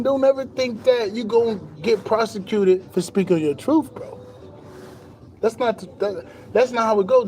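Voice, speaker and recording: A young man talking casually to camera in a boastful, animated monologue full of slang and swearing, laughing now and then. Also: sits high. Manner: laughs between lines. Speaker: spiritual vlogger.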